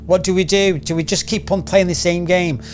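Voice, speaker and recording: Chatty man, slightly high voice. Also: steady tone, moderate pace, a little mellow, slight background noise. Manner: rambling, questioning, repeats rhetorical questions. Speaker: news commentary channel host. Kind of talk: casual opinion commentary to camera.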